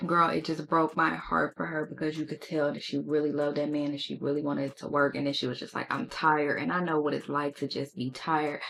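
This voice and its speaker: A woman's voice: sits low, creaky. A young adult woman chatting candidly and sassily to her viewers in a casual storytime vlog. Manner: candid, sassy, talks straight to viewers. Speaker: beauty vlogger.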